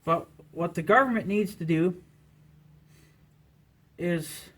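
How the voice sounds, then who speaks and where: High-voiced man ranting, profane and heated. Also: takes it slowly, fairly bright tone. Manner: profane and heated, filler-heavy with repeated "you know". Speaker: vlogger. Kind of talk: angry political rant to camera.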